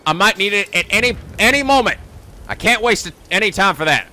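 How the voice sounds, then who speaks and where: A man hosting casual gameplay commentary, animated and joking, with plenty of swearing. His voice is high and very bright, swinging widely in pitch. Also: fairly quick. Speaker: gaming video host.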